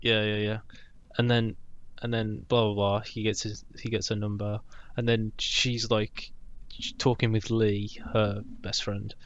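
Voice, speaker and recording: A man's voice: fairly low pitch, little pitch movement, measured pace, dry recording, highs cut off. A man co-hosting a podcast, bantering easily and agreeing along in casual chat about a film. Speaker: podcast co-host.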